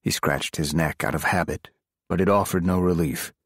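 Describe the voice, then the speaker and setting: A man narrating a thriller audiobook in a measured, dramatic reading. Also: low voice, fairly even intonation, no echo, studio quality. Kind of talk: scripted narration.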